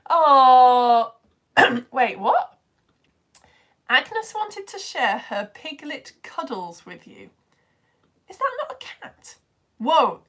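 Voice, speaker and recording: Chatty british lady teacher on a livestream, bubbly, a bit high voiced, rambles off on tangents. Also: a bit bright. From United Kingdom. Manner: bubbly, chatty, jumps between topics, quick asides. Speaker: physics teacher and livestream host. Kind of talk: chatty live-stream lesson.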